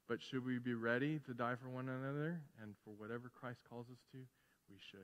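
A man preaching a sermon to his congregation, conversational and joking, shifting between emphatic points and soft asides. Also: mid-range voice, highs cut off. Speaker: pastor. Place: church sanctuary. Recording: long reverb of a church hall.

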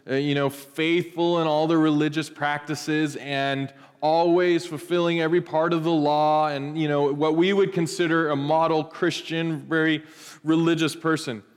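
A middle-aged man preaching a conversational sermon in a church, moving between quiet reflection and loud animated bursts. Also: fairly high pitch, smooth. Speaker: pastor. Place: church sanctuary. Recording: long hall reverb.

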